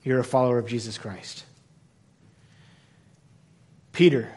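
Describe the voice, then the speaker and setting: A man preaching a sermon in a church in the American South, animated and self-correcting, often acting out the people in his story. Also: mid-range voice, measured pace, long pauses, slightly rough. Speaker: pastor.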